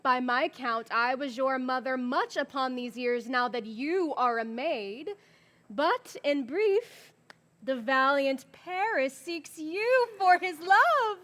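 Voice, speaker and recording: A woman's voice: high voice, expressive, slow, a bit bright, heavily acted. A woman playing a formal, commanding noble mother in an outdoor Shakespeare performance. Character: stately noble mother, brisk and proper. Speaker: stage actor. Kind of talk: outdoor Shakespeare stage acting.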